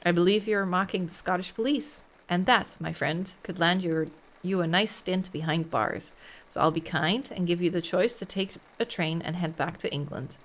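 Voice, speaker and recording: A woman's voice: on the low side, moderate pace, natural voice. A woman voicing a stern male Scottish police inspector who talks down to a suspect, reading game dialogue aloud. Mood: scornful. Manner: scornful, dismissive, threatening.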